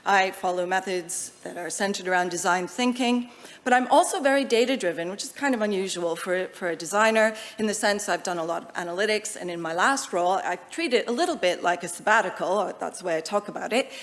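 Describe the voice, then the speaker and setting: A woman with an American accent giving a conference presentation, lively and shifting between slow and fast delivery. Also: medium pitch. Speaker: conference speaker. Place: lecture hall. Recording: long reverb of a large hall.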